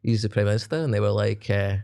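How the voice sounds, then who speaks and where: A man's voice: fairly low pitch, fast talker, vocal fry, a little mellow. A man telling rambling stories with frequent laughter in a casual podcast chat. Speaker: comedian guest.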